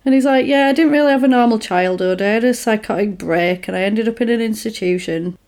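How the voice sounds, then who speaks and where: A woman chatting casually, retelling a film plot and acting out the characters' lines in an animated way. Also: on the high side, quick pace.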